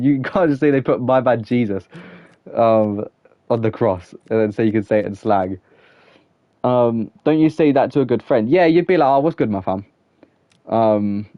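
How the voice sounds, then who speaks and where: A young gaming streamer chats casually and ramblingly with viewers while playing, peppering his talk with "like" and breaking into laughter. His voice is mid-range, with no echo and dull audio.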